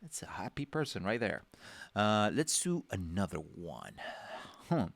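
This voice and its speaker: Chatty low-voiced man teaching drawing. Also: big pitch swings, measured pace, creaky, no echo. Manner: rambling, chatty, lots of fillers and restarts; acts out characters' reactions with small voices. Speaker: drawing instructor. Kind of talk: livestream drawing lesson.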